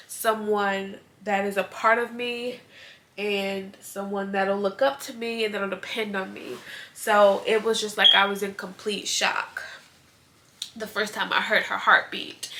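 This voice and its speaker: A young woman vlogger speaks to camera in a bright, clear-toned voice. Her talk is casual and earnest, full of heartfelt asides about her pregnancy. She sounds close to tears at moments. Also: medium pitch, level tone, slow. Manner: earnest, heartfelt, tearful at times.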